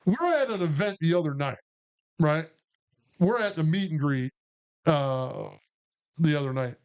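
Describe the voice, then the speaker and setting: A man's voice: on the high side, lively intonation, unhurried, clean tone. A man, co-hosting a podcast and telling a long, profane, rambling story full of restarts. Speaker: podcast co-host. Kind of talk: casual storytelling chat.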